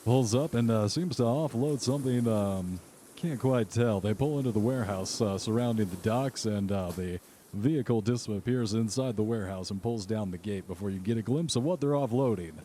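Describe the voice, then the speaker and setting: A man running a tabletop horror game, narrating scenes with many uh and um pauses. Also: lowish voice, dark tone, slight background noise. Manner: rambling narration full of uh and um. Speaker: game master.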